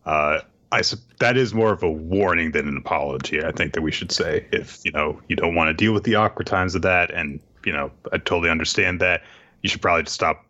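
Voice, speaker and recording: Deep bright-voiced man co-hosting. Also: a little fast, lo-fi sound. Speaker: podcast co-host. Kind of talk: casual podcast chat.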